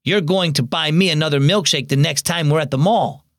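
A man's voice: on the high side, a little fast, dry recording, lightly acted. A man voicing a bossy, resentful young girl who snaps at her little sister in a radio story. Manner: sharp, resentful.

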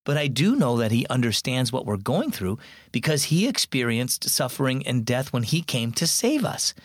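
A man voicing a gentle widowed mother who calmly reassures her children, in a storybook reading. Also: very deep voice, normal speed, dry recording, clean studio sound, heavily acted. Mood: reassuring. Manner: calm, reassuring.

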